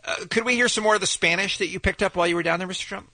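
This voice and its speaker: A man hosting a comedy radio show, briskly steering the interview and playing the straight man. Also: high voice, sharp tone, no room sound.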